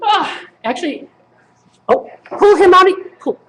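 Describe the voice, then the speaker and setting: Woman, performance poet, profane and joking, very high voice, lively swoops, echoey noisy room. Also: a little slow. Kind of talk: live comic poetry reading with banter. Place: coffee shop venue.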